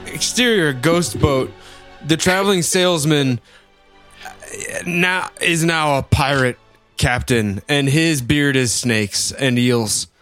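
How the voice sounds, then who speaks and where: A man hosting a casual comedy chat, reading his own strange script aloud in a halting, playful way. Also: fairly high pitch, a bit bright, dry recording.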